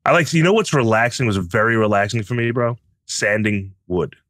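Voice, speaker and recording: Male co-host, deep, bright-edged voice, lively and teasing. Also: brisk, no echo. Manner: upbeat, teasing and warmly enthusiastic. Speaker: podcast co-host. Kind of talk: casual conversational podcast chat.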